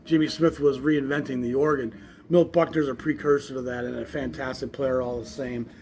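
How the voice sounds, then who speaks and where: A man's voice: medium pitch, steady tone, fairly quick, a little mellow, slight background noise. A man hosting a casual record show-and-tell, enthusiastic and rambling, with many fillers and restarts. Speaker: jazz record collector host.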